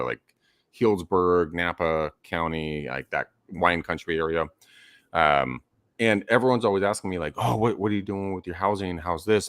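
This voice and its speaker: A man's voice: low voice, a bit bright, dry recording, clean studio sound. A man co-hosting a real estate podcast, chatting casually and coaching listeners in an emphatic way. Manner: emphatic, coaching tone, profane at times. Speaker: podcast co-host.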